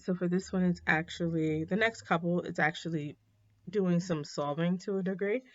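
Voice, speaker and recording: A woman teaching a math lesson in a casual, chatty way, with frequent ums and quick apologies for her slips. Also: on the low side. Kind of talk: recorded classroom lesson. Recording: dull, slightly lo-fi.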